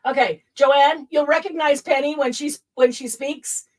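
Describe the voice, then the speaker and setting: A woman hosting a casual craft livestream from home, talking over a computer mic. Her voice sits a little high, and she chats warmly and laughs easily while greeting viewers by name. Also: fairly even intonation, measured pace, low-quality recording.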